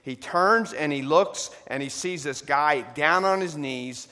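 A man preaching a sermon, retelling a story with dramatic swings between loud, lively passages and hushed ones. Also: on the high side, a little slow. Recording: long reverb of a large hall.

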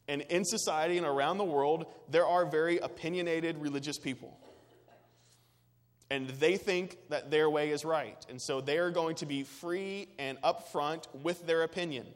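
A man's voice: a little high, long reverb tail. A man preaching a sermon as pastor, earnest and emphatic, with repetitive phrasing.

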